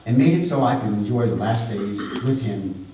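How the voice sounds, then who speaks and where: A middle-aged man delivering a heartfelt eulogy at a memorial service, halting and repeating words as he speaks with feeling. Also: fairly low pitch, expressive, mellow, a little hiss or hum. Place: large hall at a memorial service. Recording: echoey hall, voice far from the mic.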